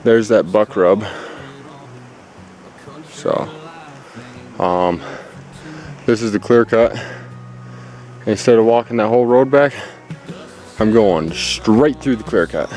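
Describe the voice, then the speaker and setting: A man's voice: fairly low pitch, slow pace, long pauses, a little mellow, soft background music. A man out of breath on a hunting trip, talking to the camera in a rambling, anxious way with lots of fillers, recorded outdoors on a handheld camera. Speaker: hunter vlogging outdoors. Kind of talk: casual vlog to camera. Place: outdoors in a forest clear cut. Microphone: handheld camera held close.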